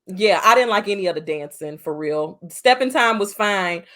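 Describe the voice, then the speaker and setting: A woman's voice: mid-range voice, animated, moderate pace, a bit bright. A woman co-hosting a casual movie review podcast, talking in an emphatic, chatty way with exasperated asides. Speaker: podcast co-host.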